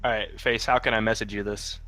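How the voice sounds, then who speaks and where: A man's voice: on the low side, little pitch movement, fairly quick, bright, forceful tone, no room sound. Dry-humored male co-caster, close mic. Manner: dry, teasing, matter-of-fact. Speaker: esports tournament co-caster. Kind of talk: casual live-stream commentary.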